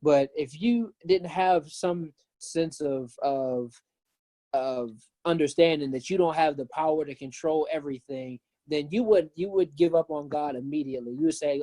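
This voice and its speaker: Guy talking faith story, warm mellow voice, dry close sound, gets animated. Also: a little high, normal speed, dry recording. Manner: earnest, animated when retelling. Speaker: pastor and author guest. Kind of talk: casual storytelling.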